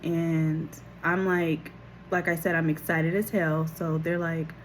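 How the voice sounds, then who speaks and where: A woman recording herself on her phone, telling a personal story in a casual, animated way, laughing often and acting out what people said. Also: low-pitched, takes it slowly, slight background noise. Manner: animated, laughing, acts out quotes, casual swearing. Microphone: phone camera.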